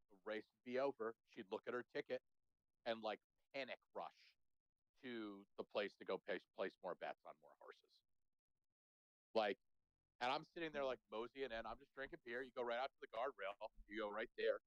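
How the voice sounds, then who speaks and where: A man's voice: fairly low pitch, smooth, dry recording. Profane rambling man on a lo-fi mic. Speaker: podcast co-host. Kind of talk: casual sports chat. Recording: dull, lo-fi sound.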